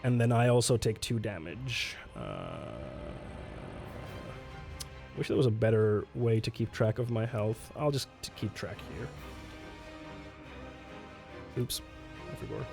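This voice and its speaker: A man's voice: fairly low pitch, big pitch swings, moderate pace, gravelly, darkish tone, faint music behind. Chatty man streaming a solo tabletop game. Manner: chatty, reads rules aloud, answers chat, laughs often. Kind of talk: casual livestream play-through.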